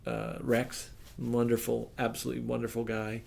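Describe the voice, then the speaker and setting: Middle-aged male drummer, podcast guest, gravelly mid voice, animated storyteller who plays every part. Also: mid-range voice, normal speed. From United States. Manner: acts out the people in his stories, voice jumping up for quoted lines. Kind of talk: animated storytelling in casual chat.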